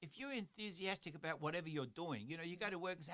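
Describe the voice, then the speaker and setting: A middle-aged man hosting a motivational radio show talks rapid-fire from the studio in a high, bright voice with a forceful edge. Earnest and slightly rambling, he keeps returning to repeat his key phrases.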